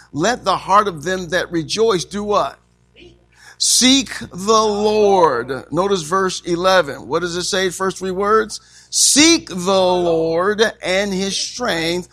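High-pitched man preaching with repeated amens. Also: pushed and bright. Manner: call-and-response preaching, frequent amens. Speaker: pastor. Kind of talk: sermon.

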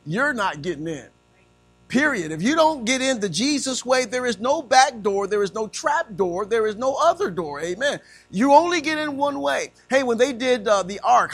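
A man's voice: extremely high pitch, fairly bright tone. A man preaching a sermon, quizzing his congregation in call-and-response style.

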